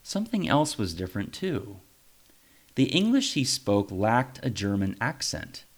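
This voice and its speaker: A man's voice: fairly low pitch, very animated, a little slow. A man, a pastor, reading his own first-person story aloud in a reflective, wry way.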